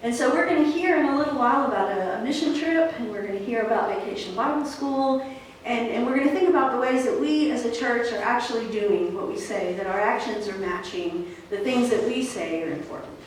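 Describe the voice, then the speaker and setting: A woman pastor preaching a sermon in a relaxed, conversational storytelling way, with fillers. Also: fairly high pitch, brisk, slight background noise. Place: church sanctuary. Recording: echoey church hall from far off.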